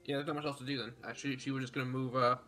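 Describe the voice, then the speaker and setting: A man's voice: mid-range voice, level tone, very fast, fairly bright tone. A young man playing a tabletop game over a voice call, unsure of the rules, self-deprecating and casually swearing. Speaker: player.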